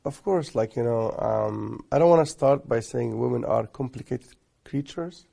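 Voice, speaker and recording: A middle-aged man from Egypt, a guest sheikh giving relaxed, soft-spoken marriage advice full of stories and amused asides. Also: mid-range voice, normal speed, gravelly.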